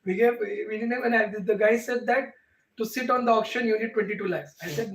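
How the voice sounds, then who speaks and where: A man's voice: sits high, moderate pace, creaky, pauses often, a little hiss or hum. A man with an Indian accent teaching a devotional class, answering questions emphatically with rhetorical questions. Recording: echoey room, mic far off.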